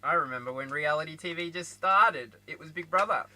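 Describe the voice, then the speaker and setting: An Australian man giving a casual tarot reading, chatty and animated, with frequent laughter and asides. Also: on the high side, fairly quick, rough recording. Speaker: tarot reader.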